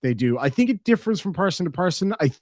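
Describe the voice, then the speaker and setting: An Irish man chatting casually on a live stream, reading out viewer messages in a rambling, excitable way that is full of swearing and restarts. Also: sits high, fast, dry recording, clean studio sound. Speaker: livestreamer reading viewer donations.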